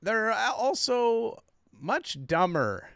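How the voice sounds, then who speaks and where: A man's voice: sits high, very animated, slow pace, gravelly, a bit bright, slight background noise. A man hosting a stream, chatting casually and bluntly while watching comedy clips, with some swearing. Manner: blunt, profane commentary. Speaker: streamer host.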